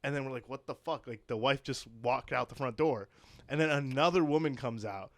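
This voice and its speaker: A man's voice: mid-range voice, brisk, dry recording. Rambling young man. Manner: rambling, heavy use of "like", swears. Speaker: podcast guest. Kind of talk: casual storytelling.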